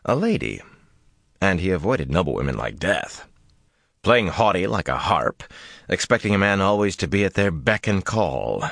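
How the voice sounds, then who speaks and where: A man narrating a fantasy audiobook with expressive, dramatic delivery. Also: low voice, normal speed, creaky, no echo, studio quality.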